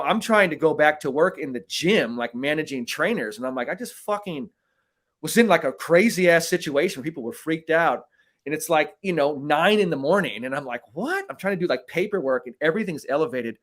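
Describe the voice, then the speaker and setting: A man co-hosting a podcast as a mental skills coach, telling a story in a casual, animated way, swearing now and then and often checking in with "right?". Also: on the high side.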